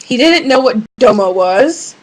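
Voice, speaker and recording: A young woman vents to her webcam in a casual, rambling way, stopping and restarting her sentences and filling the gaps with ums. Her voice sits a bit high. It sounds like a webcam mic in a room at home. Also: lively intonation, measured pace, rough recording. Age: young adult. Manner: rambling, many fillers and restarts. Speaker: vlogger.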